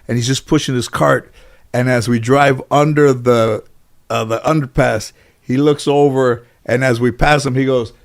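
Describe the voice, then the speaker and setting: A middle-aged American man chats as an interview guest. He tells long anecdotes in a loose, rambling way, full of "you know" and false starts, with a mid-range voice. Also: mid-range voice. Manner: rambling, anecdotal, lots of fillers and restarts. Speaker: interview guest, comedian and actor. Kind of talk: casual storytelling in an interview.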